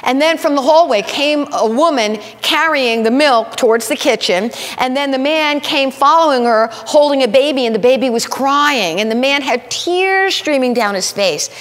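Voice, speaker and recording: Animated woman preaching in a reverberant hall. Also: sits high, moderate pace, few pauses. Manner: animated, acts out the people in her stories. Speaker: minister. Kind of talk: storytelling sermon. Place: spiritual center sanctuary.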